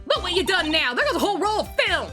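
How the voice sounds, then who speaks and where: A woman voicing a brash, quick-tempered southern woman photographer with a put-on Southern drawl and a loud, scolding manner. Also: very high voice, very animated, pitched above the performer's own voice. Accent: put-on American Southern drawl. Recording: loud game music behind.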